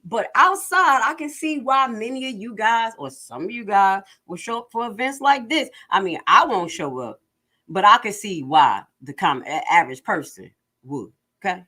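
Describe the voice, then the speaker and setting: Woman commentator on a livestream, jokes around a lot, animated and sassy, normal pitch. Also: normal speed. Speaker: online commentator.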